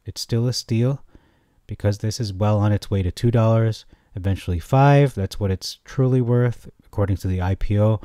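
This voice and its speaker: A man giving a casual, rambling stock chart analysis, often correcting himself and getting excited. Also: on the low side, moderate pace, no echo, studio quality. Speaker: stock market commentator.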